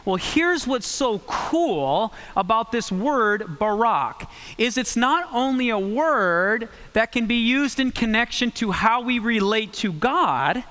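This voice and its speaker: A man preaching a sermon in a church, reading scripture and then explaining it in an animated way that speeds up and slows down for emphasis. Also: high voice, long reverb tail. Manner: animated, varies pace for emphasis. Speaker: guest preacher. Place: church sanctuary.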